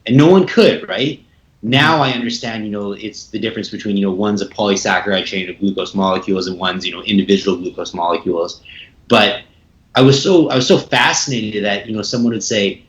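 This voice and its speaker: A man's voice: fairly low pitch, a little fast, a bit bright. A young man from Canada, a podcast guest, talking in a casual, chatty way with many fillers and repeated words. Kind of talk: casual interview talk. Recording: echoey room, dull lo-fi sound.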